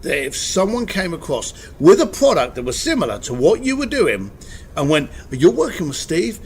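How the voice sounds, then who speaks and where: A blunt man talking casually as an interview guest, his voice sitting a bit high for a man and swinging widely in pitch as he tells his stories. He is frank and lively, never stiff, and drops the occasional swear word. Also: moderate pace, slight background noise. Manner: blunt, animated storytelling with profanity.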